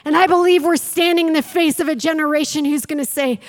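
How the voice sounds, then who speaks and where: A woman's voice: sits high, steady tone, quick pace. A woman preaching a sermon, telling a Bible story and acting out its voices, building to fiery challenges. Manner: storytelling, acts out quotes, rises to fiery challenges. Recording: long hall reverb.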